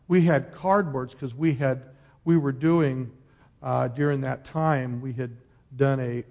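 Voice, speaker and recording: A middle-aged male pastor preaching a sermon, moving between rousing declarations and a hushed storytelling voice. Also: medium pitch, dull audio. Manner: impassioned preaching, dropping to a soft storytelling voice.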